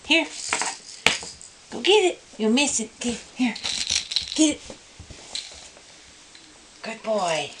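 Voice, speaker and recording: A woman's high, bouncy voice coaxes a little puppy indoors at home. She swoops up and down through short commands and cheerful sing-song praise. She speaks slowly and leaves plenty of space between the words. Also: very animated, heavy background noise. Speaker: puppy owner training her dog. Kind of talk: coaxing talk to a puppy.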